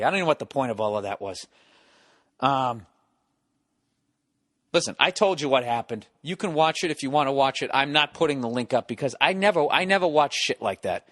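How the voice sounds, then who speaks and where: In a casual comedic monologue, a US podcast host rambles through a profane story, acting out pieces along the way. He's animated and fairly quick, with a mid-range, fairly bright voice and dry, studio-quality sound.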